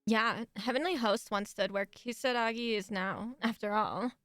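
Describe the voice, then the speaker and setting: A bossy teenage class rep with a put-on Valley Girl lilt, as a woman reads her lines aloud from a game. The voice sits a touch high and sounds dry and close. Soft music hums underneath. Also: normal speed, no echo, natural voice. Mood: earnest. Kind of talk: reading game dialogue aloud.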